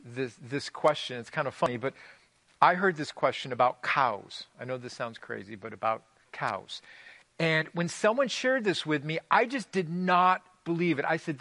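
This pastor's voice is fairly high, pushed and bright, captured in a dry recording. He preaches through stories in a relaxed, lightly funny way, frequently starting phrases over and repeating words.

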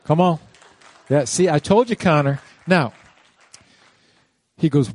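A man's voice: fairly high pitch, slow, darkish tone. A male pastor introducing a guest speaker to his congregation in a jovial, storytelling way. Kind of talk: church announcement.

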